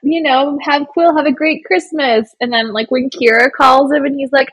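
A woman's voice: sits high, normal speed, hardly any pauses, a bit bright, dry recording. A woman co-hosting a podcast, chatting casually and enthusiastically about a film, laughing often. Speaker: podcast co-host. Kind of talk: casual chat recapping a film.

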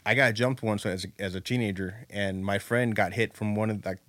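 Fast-talking man telling a story. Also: fairly low pitch, dry recording. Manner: profane, animated storytelling. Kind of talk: casual chat.

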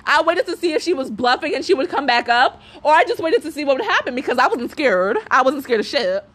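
A woman's voice: high-pitched, very animated, fast talker, a bit bright. A young woman hosting a podcast, telling a profane storytime rant and laughing through it. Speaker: podcast host. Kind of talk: ranting storytime monologue.

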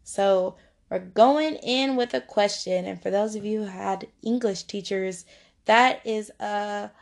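A woman's voice: mid-range voice, slow, creaky. A young woman leading a casual Bible study lesson, chatty and upbeat, laughing often and slipping into playful voices.

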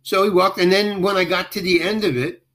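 A man's voice: high voice, fairly even intonation, a little fast, fairly bright tone. An older man, a guest actor, telling a long anecdote in conversation. He often restarts and corrects himself as he talks. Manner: rambling, self-correcting storyteller with frequent restarts.

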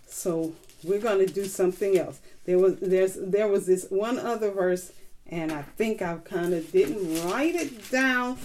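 A woman's voice: mid-range voice, darkish tone. A middle-aged woman teaching a children's Bible lesson in a coaxing, sing-song way, asking the listeners questions.

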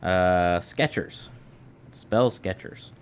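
A man's voice: sits low, extremely slow, slight background noise. A man co-hosting a podcast, running a quiz on his friends in a casual, teasing, insistent way.

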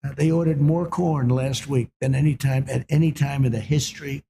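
A man's voice: medium pitch, fairly even intonation, a little fast, creaky, mellow, slight background noise. An older man answering in a TV interview, boastful and repetitive, leaning hard on emphatic claims.

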